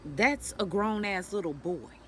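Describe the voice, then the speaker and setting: This woman speaks unhurriedly in a mid-range voice with a fairly bright tone, telling a personal story to the camera. Her candid vlog is blunt, full of swearing, and aimed straight at other women. The audio carries a little hiss or hum.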